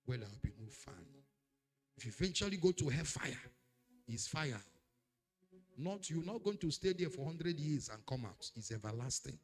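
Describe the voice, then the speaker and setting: A man preaching a sermon, swinging between loud declarations and hushed warnings. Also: a little high, animated, moderate pace, pauses often. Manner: dramatic, swings from shouting to hushed. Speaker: pastor.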